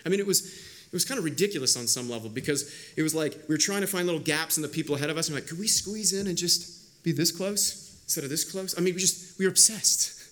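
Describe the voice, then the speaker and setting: A man with a fairly high voice delivers an earnest church sermon as the pastor. He speeds up for stories and slows right down to dwell on key words. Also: a bit bright. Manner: earnest, varies pace, slows to stress words. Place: church sanctuary.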